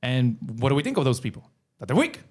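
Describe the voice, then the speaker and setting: A man co-hosting a podcast, speaking in a measured, advice-giving way in casual chat. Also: medium pitch, wildly swooping pitch. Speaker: podcast co-host.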